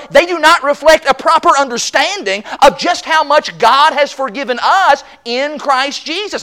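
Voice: high voice, a bit bright. A pastor preaching a sermon in an emphatic way, pointing listeners to scripture verses. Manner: emphatic, acts out quoted voices.

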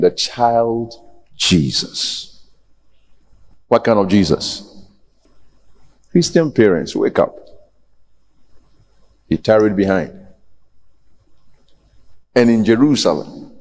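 A man's voice: lowish voice, warm tone. A man preaching a sermon as pastor, challenging and pleading with the congregation and rising to emphatic peaks. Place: church. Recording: long hall reverb.

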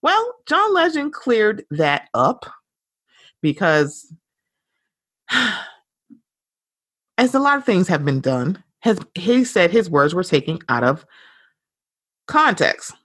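A woman hosting a podcast, giving blunt, animated pop culture commentary and swearing freely. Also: lowish voice, slow, pauses often, slightly rough, no echo, clean studio sound. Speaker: podcast host.

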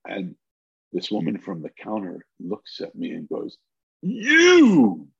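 Gravelly low-voiced older man telling stories. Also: moderate pace, no room sound. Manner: animated storyteller who acts out the dialogue. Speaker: guest. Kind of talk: storytelling in a podcast interview. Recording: slightly muffled recording.

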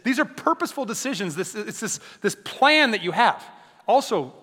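A man preaching a sermon as a pastor, energetic and conversational, often joking with the congregation. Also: sits high, normal speed, husky, in a large hall.

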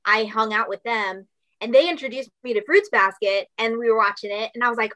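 A young woman voice actress chatting in an interview, bubbly and quick, with a lot of "like". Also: on the high side, steady tone, pushed and bright, low-quality recording. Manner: bubbly, fast, heavy use of "like". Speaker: voice actress guest. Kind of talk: casual interview chat.

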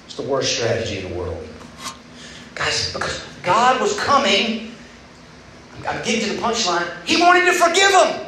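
A man's voice: fairly high pitch, sing-song, normal speed, pushed and bright. Echoey young male preacher. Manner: conversational, acts out quoted voices. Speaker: preacher at a student retreat. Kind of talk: sermon. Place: large room at a retreat. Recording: echoey room with faint background noise.

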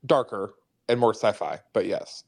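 A man's voice: on the low side, animated, a little slow, vocal fry, husky. Sarcastic joking man in casual chat. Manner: joking, sarcastic, laughs often. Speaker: podcast co-host and writer. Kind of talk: casual discussion.

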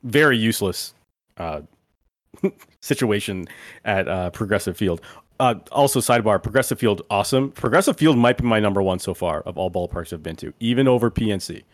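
A man's voice: on the low side, brisk, no room sound, clean studio sound. A man co-hosting a podcast, telling a long rambling story in casual chat, full of "like"s. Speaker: podcast co-host.

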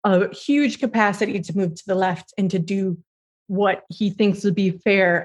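A woman in her late thirties, a guest in a political interview, speaking earnestly with frequent restarts. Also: mid-range voice. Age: late 30s.

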